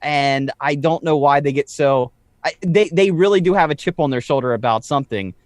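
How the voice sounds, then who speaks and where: Man, podcast co-host, slightly high voice, dry sound, wry exasperated banter with stammers. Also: a little fast, dry recording. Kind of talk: casual chat.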